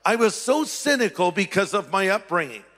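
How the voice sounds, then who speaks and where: Man, pastor, animated testimony, high voice, long hall reverb. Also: normal speed. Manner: animated, acts out voices in his story. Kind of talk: testimony sermon storytelling.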